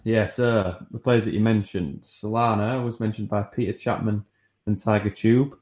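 A man's voice: lowish voice, fairly even intonation, moderate pace, a little mellow. A man co-hosting a podcast, going through listeners' suggestions with hesitant fillers. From not from Newcastle. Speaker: podcast co-host. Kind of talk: casual chat.

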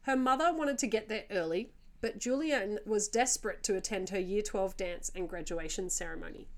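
A woman's voice: medium pitch, normal speed. A woman hosting a casual storytelling podcast, chatting through the tale with joking asides and easy laughter.

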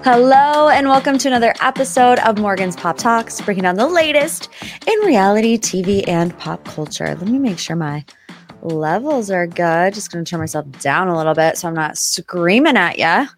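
A woman's voice: mid-range voice, lively intonation, normal speed, soft background music. A young adult woman from Ohio hosting her own pop culture podcast in a chatty, bubbly, rambling way. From Northeast Ohio. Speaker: podcast host. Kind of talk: casual chat.

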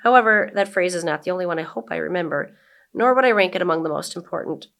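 This guest, a brewery owner and blogger in her forties, talks fast in a lowish voice with some vocal fry. She's easygoing and chatty through the interview, then reads from her blog, punching up the quotes.

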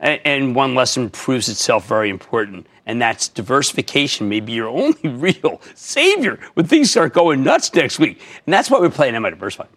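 Excitable older guy hosting a market call-in show, sharp bright voice. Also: medium pitch. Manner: excitable, emphatic, rapid-fire. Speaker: TV stock market show host. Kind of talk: energetic finance call-in show.

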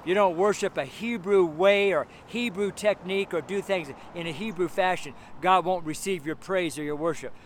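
A man's voice: high-pitched, moderate pace, few pauses, a little hiss or hum. A man giving a street sermon and prayer, preaching emphatically with lots of repetition and fillers.

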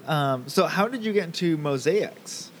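High, lively voiced male host. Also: unhurried, a little hiss or hum. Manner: hesitant, many fillers. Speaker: podcast host. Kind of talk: casual interview.

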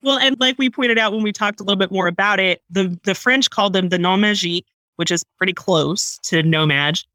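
A woman co-hosting a podcast, chatting casually about a movie in an animated, mock-offended way. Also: medium pitch, brisk, no room sound. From United States. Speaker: podcast co-host. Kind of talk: casual movie review chat.

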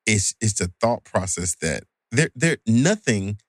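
A man co-hosting a casual podcast conversation, measured and earnest. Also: on the low side, sing-song, dry recording, studio quality.

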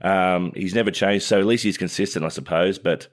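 A man's voice: deep voice, brisk. A middle-aged Australian man, a former cricketer co-hosting a sports show, talking in a laid-back, drawling way and chuckling often. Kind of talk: casual sports chat.

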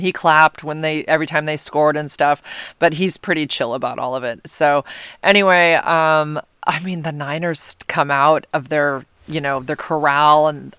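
A woman's voice: deep voice, fairly bright tone, clear, resonant tone, no room sound. A middle-aged woman telling a story casually to her audience, gushing and rambling with many fillers. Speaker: vlogger, mother.

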